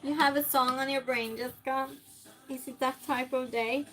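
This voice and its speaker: A woman's voice: high-pitched, steady tone, moderate pace, fairly bright tone, soft background music. A woman streamer chatting casually with her viewers while she cooks in her home kitchen, talking to herself as she works. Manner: chatty, talks to herself and to chat while cooking. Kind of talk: casual livestream chat while cooking.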